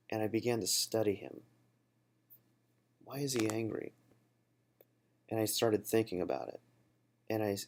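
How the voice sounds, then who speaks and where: A man with a low, gravelly voice, speaking in a relaxed and reflective way. He talks casually about a book and his own experience, pausing with fillers and restarting his thoughts as he goes. The delivery is unscripted and personal, with a slight creak at the ends of phrases. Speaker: book study host.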